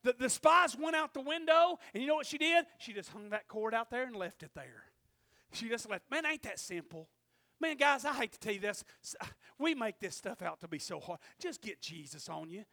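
A man's voice: very high voice, lively intonation, normal speed, creaky, sharp tone. A male preacher giving a fervent sermon and calling out to the congregation for amens.

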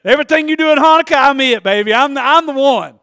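An exuberant Jesus, as a man acts him out in a sermon retelling, declaiming with joy. The voice is very high for a man. The sound is close and dry. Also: quick pace, pushed and bright, no echo, full character voice. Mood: exultant. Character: Jesus, confident adult man proclaiming himself.

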